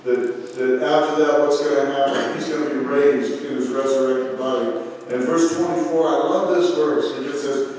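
Male preacher, mid-pitched, earnest and emphatic; heavy hall echo, distant mic. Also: fairly even intonation, normal speed, darkish tone. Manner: earnest and emphatic, with repeated points. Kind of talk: sermon. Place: church hall. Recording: echoey hall, far from mic, faint room noise.

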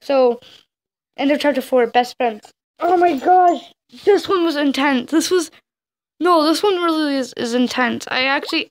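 A woman's voice: sits high, noisy background. A woman casually commenting while playing a story game, reading the choices aloud and exclaiming often. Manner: excitable, reads choices aloud, frequent exclamations. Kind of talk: casual let's-play commentary.

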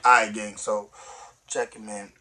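A young man giving slangy, animated commentary on a news story, swinging from soft to loud. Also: fairly low pitch, a little slow. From New York. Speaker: vlogger reacting to news. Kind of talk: casual street-talk commentary.

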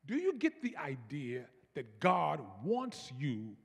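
Gravelly high-voiced man preaching in a hall. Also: slow pace. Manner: animated preaching, repeats words, leads congregation call-and-response. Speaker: pastor. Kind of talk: sermon. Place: large church.

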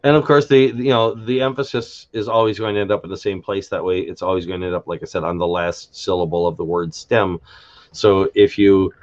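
On a live stream, a host explains a constructed language, talking through word endings in a casual, unscripted way while pausing, restarting and spelling words out letter by letter. He has a very low voice with fairly even intonation. The lo-fi, dull audio picks up keyboard typing in the background.

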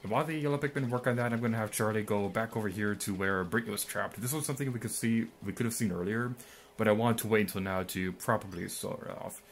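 A man's voice: on the low side, fast, a little hiss or hum. A young man giving rambling, mildly sarcastic let's-play commentary, full of ums and asides. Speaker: gameplay commentator.

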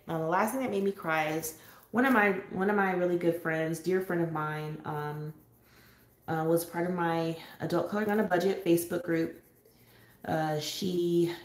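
A woman from San Diego hosting a casual live-stream chat for her coloring channel, talking freely with frequent little laughs and filler pauses. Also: fairly low pitch, reverberant. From San Diego, California. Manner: chatty, laughs often, pauses with um. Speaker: adult coloring channel host. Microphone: home live-stream setup.

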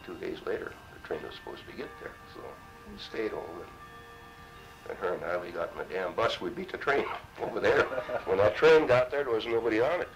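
A man's voice: fairly low pitch, fairly quick, vocal fry, over music, low-quality recording. A man in his seventies from Minnesota, a war veteran telling his story in an oral history interview, salty and full of cursing. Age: 70s. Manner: salty, profane, animated storyteller.

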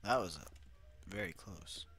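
A young man giving goofy let's-play commentary, swinging from quiet muttering to loud outbursts. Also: on the low side, very animated, slow, vocal fry, music in the background. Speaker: gamer.

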